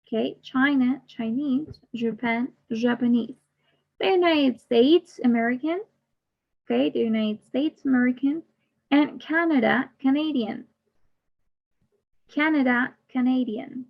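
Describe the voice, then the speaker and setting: A woman teaching an English class online, slowly repeating each word twice in a drilled, deliberate way. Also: high-pitched, creaky. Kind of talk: slow drilled pronunciation lesson. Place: online class, speaking to a camera. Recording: slightly dull lo-fi audio.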